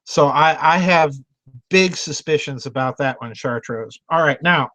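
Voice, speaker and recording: A man with a voice on the high side hosts a members' video chat, speaking at a measured pace in a somewhat bright tone with no echo, through a video call mic. He answers questions emphatically and directly, addressing the listener and often restarting words by repeating them as he gives his commentary.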